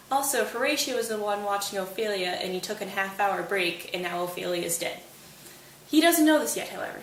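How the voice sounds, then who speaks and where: A woman's voice: mid-range voice, fairly bright tone. A woman host giving a casual, playful, slangy summary of a play for students. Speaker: host retelling a play for study. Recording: roomy, distant mic, faint hiss.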